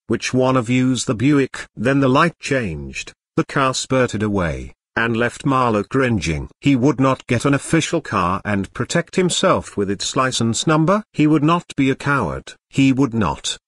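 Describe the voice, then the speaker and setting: Husky synthetic male audiobook narrator. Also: medium pitch, dry recording, studio quality. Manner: even machine-read delivery.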